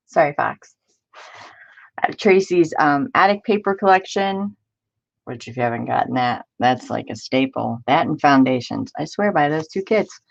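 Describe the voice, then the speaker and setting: Chatty woman crafter, low voice, lo-fi sound. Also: measured pace, vocal fry, pauses often. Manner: chatty and excitable, greets viewers by name. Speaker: crafting channel host. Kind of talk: casual live-stream crafting chat.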